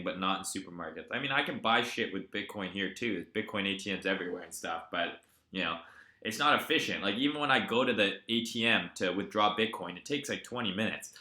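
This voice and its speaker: Guy on a crypto trading stream, swears a lot, bright tense voice, kinda echoey room. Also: fairly low pitch, a little fast. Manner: profane, animated storyteller. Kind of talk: casual live-stream chat.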